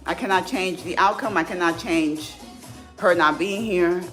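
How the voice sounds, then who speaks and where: A woman's voice: lowish voice, unhurried, fairly bright tone. A woman in her thirties speaking candidly and from the heart in a casual livestream, as a fitness vlogger. Faint music plays behind her. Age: 30s.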